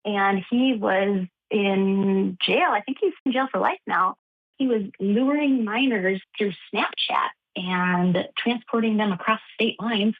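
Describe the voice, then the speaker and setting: A young woman tells her story in a casual interview, animated and quick to laugh. Her voice comes through a tinny, phone-like line with a thin, narrow sound. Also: medium pitch. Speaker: podcast guest.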